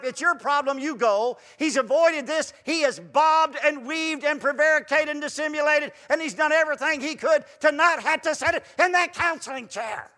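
A man preaching a folksy sermon in a church hall, animated and building to loud emphatic runs. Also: extremely high pitch. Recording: long reverb in a hall.

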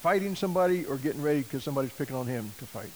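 A man preaching a sermon, telling a story in a folksy, animated way and acting out quoted voices. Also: medium pitch, rapid-fire, slight background noise, rough recording. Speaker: missionary preacher.

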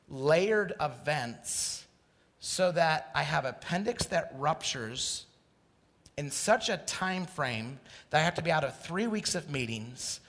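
High bright-voiced preacher guy, goes soft then shouts, big echoey church hall. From Idaho. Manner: passionate, swings from quiet confession to shouted exclamations. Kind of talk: sermon.

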